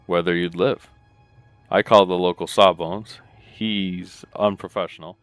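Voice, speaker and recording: A man's voice: low voice, fairly even intonation, unhurried, fairly bright tone, no room sound, soft background music. A man voicing a kindly male priest with a soothing, musical, lilting way of speaking in a game.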